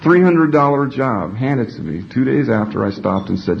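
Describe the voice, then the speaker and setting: A man's voice: mid-range voice, animated, normal speed, vocal fry. A man telling his recovery story to a group, salty and profane, laughing often as he talks. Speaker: speaker sharing at a recovery meeting. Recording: dull lo-fi recording, faint noise.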